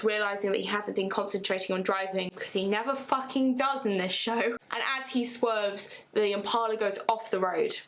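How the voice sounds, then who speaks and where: A woman casually retelling a fan story, chatty and animated, swearing freely as she goes. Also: mid-range voice, rough recording.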